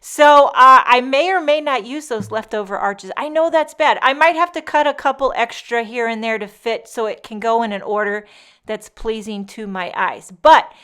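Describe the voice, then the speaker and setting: A woman's voice: a little high, moderate pace, a bit bright, smooth. A woman hosting a casual card-making tutorial, chatty and full of joking asides. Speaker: papercraft tutorial host. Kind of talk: casual craft tutorial narration.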